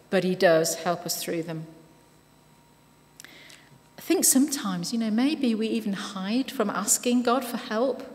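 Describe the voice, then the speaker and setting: A woman giving a sermon in a church, speaking conversationally and reading scripture slowly and with care. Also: medium pitch. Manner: warm conversational preaching with frequent "you know"; reads scripture slowly and deliberately. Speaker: preacher. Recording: long reverb of a church hall.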